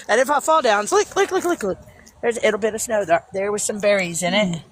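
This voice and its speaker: Talking a little fast in a mid-range voice, a woman hosts a casual livestream outside by a creek, handheld phone in hand. She giggles and banters in a playful, childlike manner.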